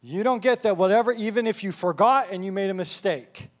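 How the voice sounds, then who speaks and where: A man's voice: sits high, fairly quick, lightly acted. A male preacher voicing Jesus in a casual, slangy, exasperated way during a sermon.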